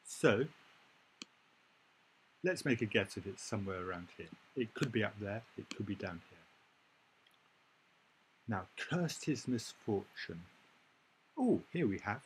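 Slow, husky male teacher. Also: lowish voice. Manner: emphatic, explains step by step. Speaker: IELTS teacher. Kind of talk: exam-prep lesson.

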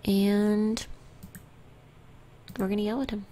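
Slow-talking woman narrating gameplay. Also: mid-range voice, level tone. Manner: chatty, often drops to a soft whisper. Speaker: gameplay commentator. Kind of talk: casual let's-play commentary.

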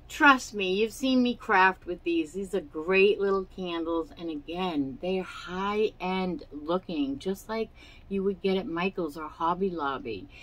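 A woman's voice: on the low side, a bit bright, rough recording. A woman hosting a casual crafting vlog at home, showing products in a chatty, rambling way, with fillers and hiccups. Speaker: crafting channel host. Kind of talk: casual product show-and-tell. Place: her home.

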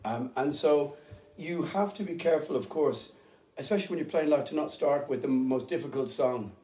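At normal speed and in a warm, slightly high voice, a middle-aged metal singer explains his vocal approach in a rambling, informal way with plenty of fillers. The recording picks up the roomy echo of the band rehearsal room where he's talking.

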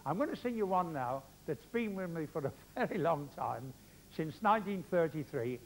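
Older comic with chatty patter. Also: male voice, a little high, lively intonation, normal speed, slight background noise. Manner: chatty music-hall patter. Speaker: comedian. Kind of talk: live comic storytelling on stage. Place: theatre stage before a live audience. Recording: live theatre recording with loud music. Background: loud band music.

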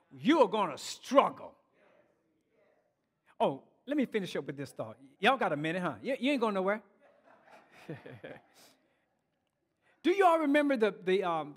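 A man's voice: very high-pitched, big-room sound. A male pastor preaching a sermon, urging his congregation on and often restarting and repeating words as he speaks.

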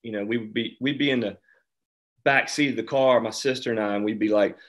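A man's voice: lowish voice, steady tone, fairly quick, a bit bright. A man from South Carolina, an author talking casually about his writing, wandering through restarts and fillers. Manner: rambling, lots of restarts and "you know". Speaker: author discussing his novel. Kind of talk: casual conversation.

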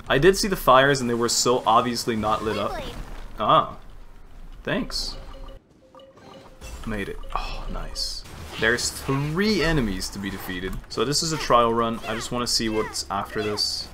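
A man's voice: medium pitch, lively intonation, moderate pace, background noise. A man giving casual gameplay commentary, chatty, laughing often and talking to the game. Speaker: gaming streamer.

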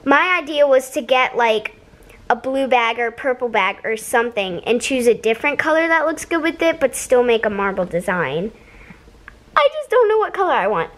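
A woman's voice: fairly high pitch, sing-song, normal speed, fairly bright tone. A young woman chatting casually in her vlog, bubbly and gushing, often giggling. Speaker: vlogger.

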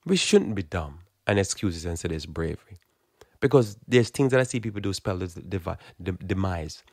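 A man's voice: deep voice, lively intonation, moderate pace, a little mellow, no room sound, clean studio sound. A man giving a blunt, emphatic, informal sermon, often repeating words as he builds his point. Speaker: Christian preacher. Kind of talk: informal preaching monologue.

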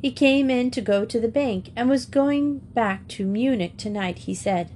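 A woman voicing an excitable, eager schoolgirl in a storybook reading, with gushing delight. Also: a little high, moderate pace, a little hiss or hum, lightly acted. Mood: urgent.

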